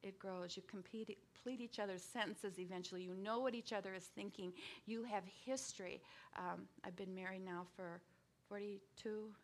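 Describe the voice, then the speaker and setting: A woman in her sixties giving a conversational sermon with frequent restarts and lively bursts. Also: mid-range voice, normal speed. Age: 60s or older. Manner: conversational, with many restarts and sudden bursts of animation. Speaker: speaker giving a devotional talk.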